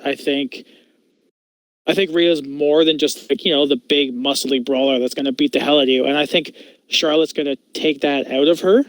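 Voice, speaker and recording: A man's voice: fairly high pitch, dry recording, low-quality recording. A man co-hosting a podcast in casual chat, opinionated and rambling, swearing freely. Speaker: podcast co-host.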